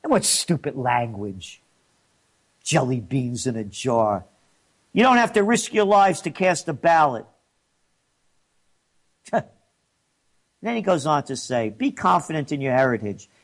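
A man's voice: on the high side, sing-song, unhurried, pauses often. A man hosting an opinion commentary, indignant and mocking, his voice rising when he gets riled. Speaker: host.

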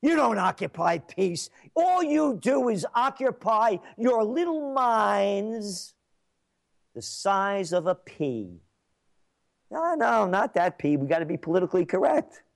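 High, lively male radio ranter. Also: slow, vocal fry. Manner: angry, mocking, insulting rant; sarcastic with bursts of shouting. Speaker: radio show host. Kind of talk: talk radio monologue.

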